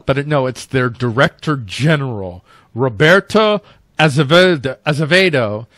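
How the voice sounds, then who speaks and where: A man's voice: fairly high pitch, no room sound, studio quality. A man co-hosting a casual political talk show, reading news aloud and joking about it. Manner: joking, reads news aloud then riffs with shouted mock voices. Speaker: co-host.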